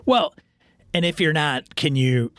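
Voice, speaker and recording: A man co-hosting a tabletop gaming podcast, chatting in a casual, halting, agreeable way. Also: on the high side, a bit bright, no room sound. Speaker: podcast co-host.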